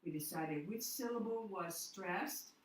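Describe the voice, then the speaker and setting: A woman teaches phonics patiently and in order, stopping to correct herself when she skips something. Her voice sits a little low. The sound is roomy and distant, as if the mic sits well away from her in a bare classroom. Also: unhurried, a little hiss or hum. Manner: patient, step-by-step, self-correcting. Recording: echoey room, mic far off.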